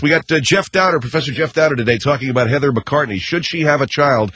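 A man's voice: medium pitch, fast, fairly bright tone, slight background noise. A middle-aged man hosting a comedy radio show, joking wryly and bickering with exasperation. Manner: wry, exasperated banter.

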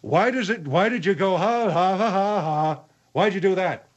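A man's voice: high voice, animated, breathy edge, muffled recording, pitched above the performer's own voice. A man voicing a hot-tempered, blustering man called the General. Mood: angry. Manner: blustering, quick to anger.

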